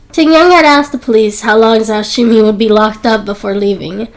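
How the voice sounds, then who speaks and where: A woman's voice: a little high, normal speed, low-quality recording. A woman reading a romance novel aloud as an audiobook narrator, raising her voice for the quoted characters. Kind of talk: scripted narration.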